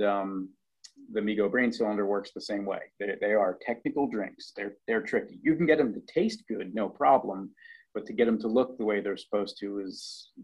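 A middle-aged man, a cookbook author, chatting as a guest in a relaxed interview, hesitant with lots of ums and restarts. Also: on the low side, slightly rough, low-quality recording. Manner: hesitant, many ums and restarts, chuckling asides. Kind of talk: casual interview chat.

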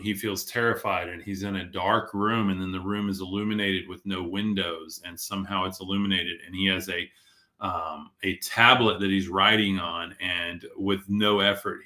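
A man's voice: lowish voice, bright, forceful tone. A man hosting a casual live stream, rambling and reading viewer comments aloud, his voice worn from talking all day. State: losing his voice. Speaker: podcast host reading live chat. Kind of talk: casual livestream talk. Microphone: streaming from a tablet.

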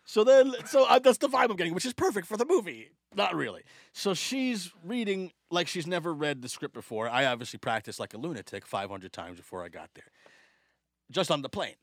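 Gravelly New man, animated profane storyteller, lively bright voice. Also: fairly high pitch, fairly quick, no room sound, clean studio sound. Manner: animated, profane, laughs often. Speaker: podcast guest. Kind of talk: casual storytelling.

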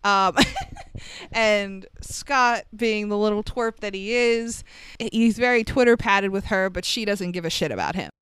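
A woman's voice: medium pitch, animated, a little slow, fairly bright tone, clean tone, dry recording. Wry, chatty woman recapping a movie. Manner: chatty, wry, laughs often. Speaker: podcast co-host.

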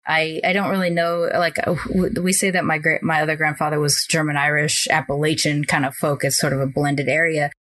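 A woman with a notably low, deep voice speaks as a podcast guest. She talks in a reflective, measured way, taking her time as she explains. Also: level tone, fairly bright tone, dry recording. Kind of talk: casual podcast conversation.

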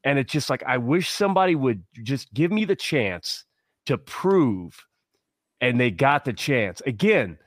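A man's voice: medium pitch, sing-song, unhurried, dry recording. Passionate rambling man, dry close sound. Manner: passionate, rambling, many restarts. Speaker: podcast co-host. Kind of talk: casual sports talk.

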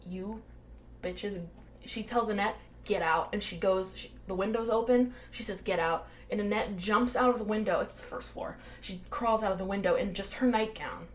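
A woman's voice: medium pitch, fairly quick, few pauses, a little hiss or hum. A woman co-hosting a podcast, telling a true-crime story casually, with swearing and acted-out quotes. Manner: animated, swearing, acts out quotes. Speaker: podcast co-host.

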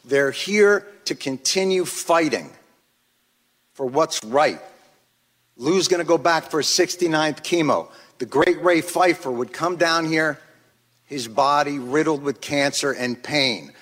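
A man delivers impassioned, angry testimony to a hearing, pressing each point with force. His voice sits a little high for a man. The long reverb of a large chamber trails behind his words. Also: slow, fairly bright tone. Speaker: witness testifying at a congressional hearing.

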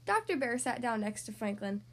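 A woman reads a children's storybook aloud with a high, bright voice. She sounds gentle and expressive. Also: normal speed.

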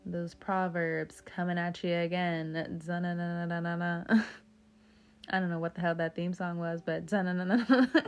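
Young woman reading tarot cards, kinda low voice, jokey and sweary, goes off on rants. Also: monotone, normal speed, few pauses. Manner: joking, profane, talks off on tangents. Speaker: tarot reader.

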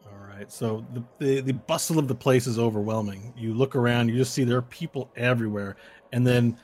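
A man narrating as game master, casual and relaxed, with fillers. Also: medium pitch, brisk.

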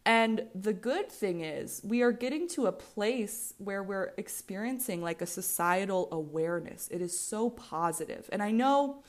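A woman's voice: mid-range voice, animated, unhurried, hardly any pauses. A woman in her twenties with an American accent, hosting a solo podcast in a candid, rambling way, swearing freely and often restarting her sentences. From United States. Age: 20s. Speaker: podcast host.

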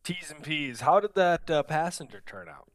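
A man co-hosting a sports podcast, reading punchy game previews and trading deadpan jokes. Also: on the high side, moderate pace, no room sound, studio quality. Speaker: podcast co-host. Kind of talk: casual sports podcast banter.

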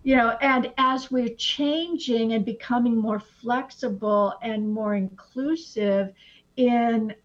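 A woman who teaches astrology, chatting in an animated way and often acting out little quotes. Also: fairly high pitch, slow pace. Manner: animated, slips into acted-out quotes. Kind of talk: casual conversation. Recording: dull lo-fi sound.

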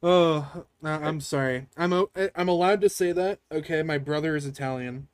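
A man's voice: a little high, moderate pace, no echo. A young man co-hosting a podcast review, joking crudely and laughing often. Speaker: podcast co-host. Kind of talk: casual review chat.

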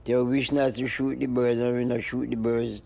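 A man, rambling playfully as an interviewee, with a gravelly voice and chanting repetitions. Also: medium pitch, little pitch movement, moderate pace, darkish tone. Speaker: interviewee, musician. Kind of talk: free-associating rambling chat.

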